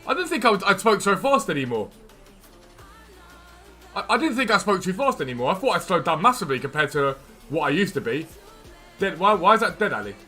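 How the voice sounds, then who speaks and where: A male streamer with a high, bright, sing-song voice fires off quick answers to his live chat. He talks fast and keeps things chatty, with faint music playing underneath.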